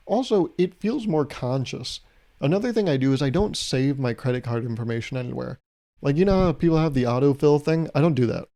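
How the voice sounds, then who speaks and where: A man's voice: mid-range voice, vocal fry, mellow. A young man hosting a solo podcast, talking in a loose, rambling, jokey way and chuckling at his own bits. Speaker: podcast host.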